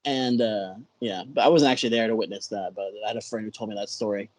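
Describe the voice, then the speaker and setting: A man's voice: on the low side, steady tone, fast, darkish tone. A man with a Texan accent, a podcast guest in casual chat who hesitates and searches for words.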